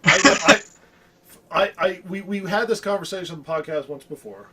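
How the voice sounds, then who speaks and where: A man's voice: high voice, moderate pace, pushed and bright, husky. A man co-hosting a casual podcast with dry, sarcastic jokes. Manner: wry, sarcastic, joking. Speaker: podcast co-host.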